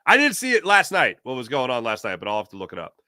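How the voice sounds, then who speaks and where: Lively sports host, bright forceful voice, dry close sound, jokey chat reader. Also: male voice, medium pitch, fast, smooth, dry recording. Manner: animated, jokey, reads live chat aloud. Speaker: podcast host. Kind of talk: casual sports talk show with ad read.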